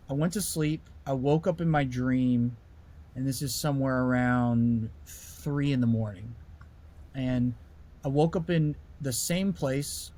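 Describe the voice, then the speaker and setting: A man, a musician being interviewed, telling a story in a lively way and raising his voice sharply when he acts out what people said. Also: mid-range voice. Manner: animated storyteller, voice rises sharply when acting out quoted lines. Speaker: musician guest.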